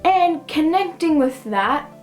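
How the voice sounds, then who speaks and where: Speaking slowly and expressively, a young woman with a somewhat high voice rambles through a casual book review, using "like" in nearly every thought. Faint background music and a rough recording accompany her.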